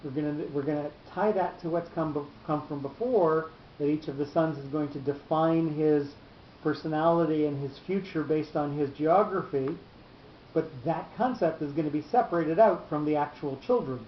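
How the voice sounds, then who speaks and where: A man teaching a cantillation class, explaining slowly with long pauses. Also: fairly high pitch, slight background noise. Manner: patient, explanatory, drawn-out pauses. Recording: echoey room, muffled lo-fi sound.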